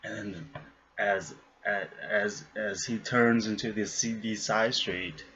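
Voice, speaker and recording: A man's voice: on the low side, fairly even intonation, takes it slowly, bright, forceful tone. A man telling a long joke, laughing often as he goes, recorded on a webcam with dull lo-fi sound.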